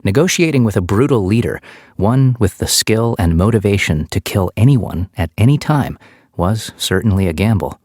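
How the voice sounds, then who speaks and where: A man narrating a thriller audiobook in a steady, measured storytelling manner, close to the microphone. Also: fairly low pitch, dry recording.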